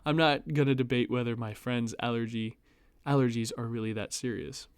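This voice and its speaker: A man's voice: medium pitch, little pitch movement, brisk, darkish tone, smooth, no room sound. A young American man reads an online post aloud and breaks in with sarcastic, mocking asides in a casual commentary. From United States. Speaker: host reading online posts.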